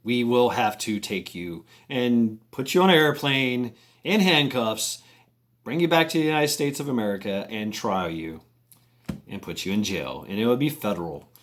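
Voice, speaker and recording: A man's voice: medium pitch, expressive, normal speed, fairly bright tone, natural voice. A man doing a stern, threatening FBI agent. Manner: blunt, warning.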